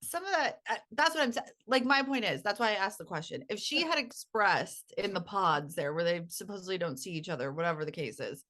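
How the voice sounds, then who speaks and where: A woman with a bright, forceful voice co-hosts a casual podcast. She asks pointed questions and pushes back in a measured, conversational way. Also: mid-range voice, expressive. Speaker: podcast co-host.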